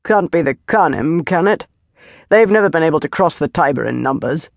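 A woman voicing a brisk male army tribune in an audiobook, speaking curtly. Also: low-pitched, expressive, vocal fry, no room sound. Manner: brisk, curt.

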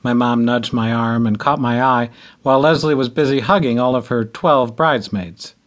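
A man narrating a first-person audiobook with a wry, deadpan touch and a mid-range voice. The reading is steady and measured. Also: mid-range voice.

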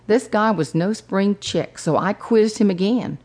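A woman's voice: medium pitch, measured pace, hardly any pauses, a little mellow. A woman narrating her own memoir audiobook, humorous with playful emphasis.

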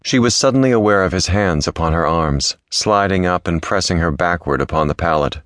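Man, very low voice, historical romance audiobook, smooth storytelling, dry close recording. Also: animated, brisk, a bit bright, no echo. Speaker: audiobook narrator. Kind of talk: scripted romance narration.

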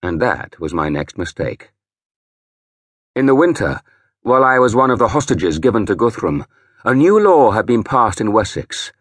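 Brief: male narrator, low husky voice with wide, lively pitch, dry close sound. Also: no echo. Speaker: audiobook narrator. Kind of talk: scripted first-person narration.

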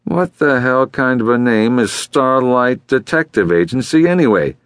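A man's voice: lowish voice, lively intonation, takes it slowly, dry recording. A man playing a brusque, scornful client. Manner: brusque and impatient. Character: gruff, nervous, disdainful middle-aged male client. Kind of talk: audiobook character voice.

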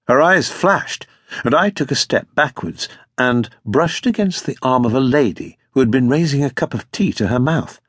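A man's voice: mid-range voice, expressive, moderate pace, fairly bright tone, slightly rough, no echo. A man narrating a detective novel in the first person, polite and mild in his dialogue, on a close studio mic. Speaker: audiobook narrator.

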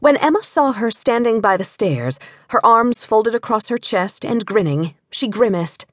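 A woman narrating an audiobook with animated storytelling on a close studio mic. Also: fairly high pitch, unhurried, dry recording. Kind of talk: scripted narration.

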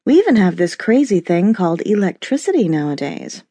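A woman's voice: mid-range voice, big pitch swings, brisk, warm tone, breathy edge, no echo. A woman narrator voicing a wry, exasperated middle-aged mother in an audiobook. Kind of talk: audiobook character voice.

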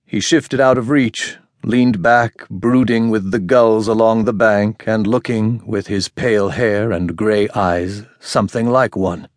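A man reading a fantasy novel aloud as an audiobook narrator, in a measured, unhurried manner. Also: on the low side, fairly even intonation, no room sound, studio quality. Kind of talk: scripted narration.

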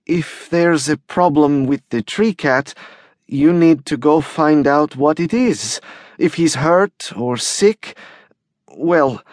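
A male audiobook narrator voicing a worried pregnant woman in early labor, speaking softly and uncertainly in a raised voice. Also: medium pitch, animated, husky, no echo, studio quality, heavily acted. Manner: uncertain, soft and slow. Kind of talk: audiobook character voice.

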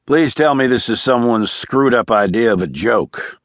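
A man's voice: medium pitch, animated, moderate pace, a bit bright, no room sound, clean studio sound. A man voicing a stressed, impatient male operation chief in his forties in an audiobook thriller. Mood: exasperated. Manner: clipped, impatient. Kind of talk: audiobook character voice.

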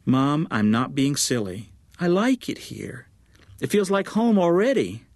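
A man's voice: on the high side, big pitch swings, unhurried, darkish tone, no echo, voice pushed up. A man voicing an earnest, determined young woman in an audiobook, speaking firmly and patiently. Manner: firm and patient. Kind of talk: audiobook character voice.

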